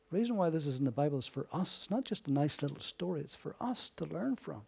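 A man preaching a sermon, asking his listeners rhetorical questions and swinging between hushed and emphatic delivery. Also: high voice, creaky, breathy edge.

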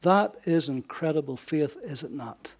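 A man preaching a sermon, swinging between raised emphasis and hushed near-whispers, often asking his listeners rhetorical questions. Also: a little high, expressive, measured pace, husky. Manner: frequent rhetorical questions to the congregation.

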